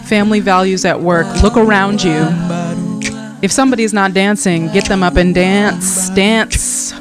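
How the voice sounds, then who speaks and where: A woman's voice: mid-range voice, fairly even intonation, a little slow. A woman performer on stage, playfully coaxing and teasing the audience to get up and dance. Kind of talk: live stage banter between songs. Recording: loud music playing underneath.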